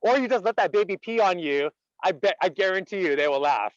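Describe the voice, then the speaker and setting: Guy running a laughter workshop on a video call, kinda high voice, says like a lot, dry slightly muffled audio. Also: brisk, no echo. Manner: energetic, asks the audience many questions; chatty, many "like" fillers. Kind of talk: interactive online workshop talk.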